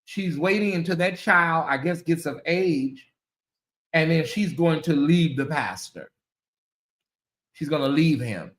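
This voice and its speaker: A woman hosting a commentary channel, talking casually to her viewers, animated and repeating herself as she exclaims. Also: low voice, measured pace, long pauses, echoey room.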